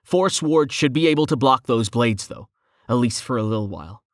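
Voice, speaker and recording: A young armored fighter speaks bluntly and urgently in the heat of battle, as a male narrator puts him on. Middle pitch, dry close recording. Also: expressive, moderate pace, no echo, lightly acted.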